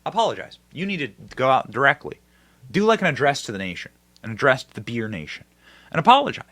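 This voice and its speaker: A male host giving online political commentary, emphatic and mocking, with big swings in pitch and loudness. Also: very animated, quick pace.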